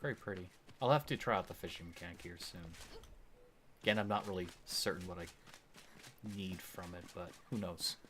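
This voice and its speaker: Male streamer, low-pitched, easygoing enthusiastic gameplay chatter. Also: brisk, fairly bright tone, a little hiss or hum. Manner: rambling, enthusiastic, musing aloud. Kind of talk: casual gameplay commentary.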